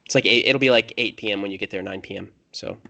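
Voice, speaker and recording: A man acting as game master for a tabletop game, with a fairly low voice. He talks casually, double-checks details and corrects himself mid-sentence. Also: fast talker, creaky, sharp tone, dry recording.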